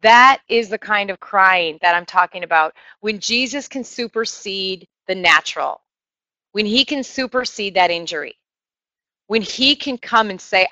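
A woman's voice: medium pitch, unhurried, pushed and bright, dry recording, dull audio. A woman giving a conversational sermon to a church group, earnest and personal, with self-deprecating asides. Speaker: speaker teaching a church group.

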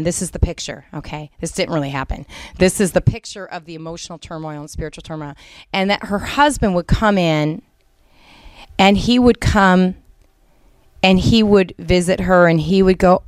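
A woman's voice: fairly low pitch, no room sound. A middle-aged woman giving an earnest, conversational Christian teaching talk. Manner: earnest, conversational, many fillers. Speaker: Christian speaker.

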